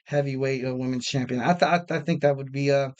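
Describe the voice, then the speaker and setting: A man's voice: mid-range voice, steady tone, fast talker, clear, resonant tone, highs cut off. A man in his twenties hosting a wrestling podcast in a casual, rambling way, often repeating phrases for emphasis. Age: 20s.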